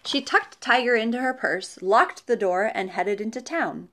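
Woman storyteller, lively pitch, chatty asides, children's read-aloud. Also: moderate pace. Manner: warm-toned, chatty asides with laughs.

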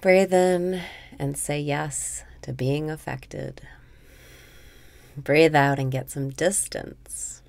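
A woman leading a guided meditation in a slow, soothing way, dropping now and then into soft whispers. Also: sits low, fairly even intonation, vocal fry.

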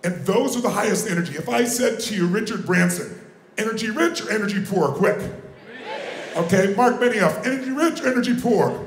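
Man motivational speaker, high-pitched, booming, calls for crowd responses; live room, faint hiss. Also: expressive, fairly quick, echoey room. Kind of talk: live motivational seminar talk. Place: large conference room with audience.

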